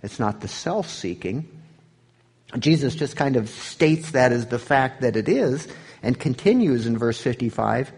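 Man, pastor, expository sermon, lively swooping pitch, husky tone, loud on scripture, soft asides. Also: measured pace. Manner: rises in pitch and volume on quoted scripture, drops low on asides. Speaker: pastor teaching a Bible study.

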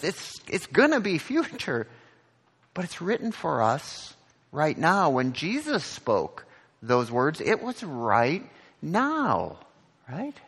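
Guy preaching a sermon real slow, earnest, echo trails off like a big hall. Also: a bit bright, husky. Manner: earnest, repeats words, rises in pitch on questions. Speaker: pastor.

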